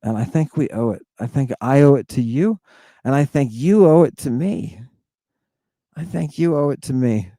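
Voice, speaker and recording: Speaking in a medium-pitched, dark voice with lively intonation, a man hosts a lecturing monologue aimed at his viewers. He's emphatic, keeps checking in with "right?" and "do you understand?", and stumbles through restarts stretched with fillers; there's no echo.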